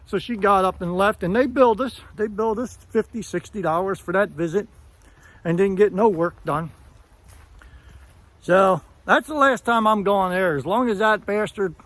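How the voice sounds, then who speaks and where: A man's voice: high-pitched, moderate pace, a bit bright, no room sound. An older man ranting angrily to his viewers, bluntly and with profanity, acting out the dialogue as he retells it. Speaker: vlogger. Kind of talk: angry rant to camera.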